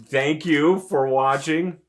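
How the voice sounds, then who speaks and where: A man's voice: a little high, slow. Dry-humored man co-hosting a chat. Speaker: podcast co-host. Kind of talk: casual review chat.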